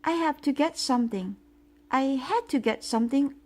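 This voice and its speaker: A woman voicing an excited young girl who shouts a lot, reading a storybook aloud. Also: high-pitched, voice pushed up, natural voice. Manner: excited, loud, quick to shout. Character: young girl hiding a pet monster.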